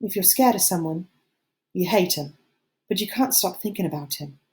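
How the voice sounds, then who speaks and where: A woman voicing an anxious, fussy schoolboy who frets and pleads in a high, squeaky voice, reading an audiobook. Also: expressive, normal speed, a little mellow, lightly acted. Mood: plaintive.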